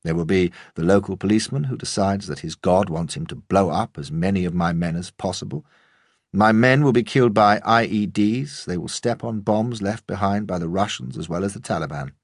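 A man's voice: low-pitched, fairly quick, dry recording, clean studio sound, pitched above the performer's own voice. A man playing a blunt, grimly commanding army captain in an audiobook.

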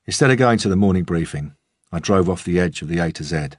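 Low, husky male narrator. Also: expressive, fast, dry recording, clean studio sound. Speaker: audiobook narrator. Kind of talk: scripted narration.

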